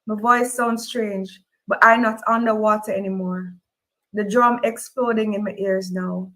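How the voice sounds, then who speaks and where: A woman with a Jamaican accent reads a novel aloud in a middle-pitched voice. She tells the story in the first person, and her voice rises into high emotional cries in the dialogue. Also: fairly even intonation, measured pace, a bit bright, poor audio. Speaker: reader. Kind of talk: audiobook-style fiction reading.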